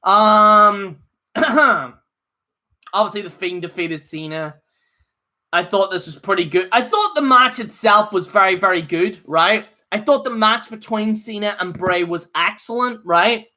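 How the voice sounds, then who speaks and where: A man's voice: high-pitched, unhurried, bright, forceful tone. A man giving a casual, opinionated live review, rambling with lots of fillers and restarts. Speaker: wrestling show reviewer.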